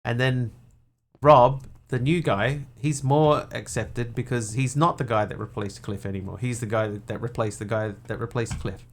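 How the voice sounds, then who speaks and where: A man's voice: mid-range voice, fairly even intonation, normal speed. A man streaming a game, thinking aloud, counting items under his breath and chatting casually with viewers. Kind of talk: casual chat while playing a game.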